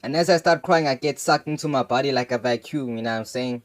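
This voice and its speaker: Young man, slangy, casual storytelling, mid-pitched voice, loose filler-heavy talk. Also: quick pace. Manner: slangy and loose, full of "you know what I'm saying" fillers. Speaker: channel host.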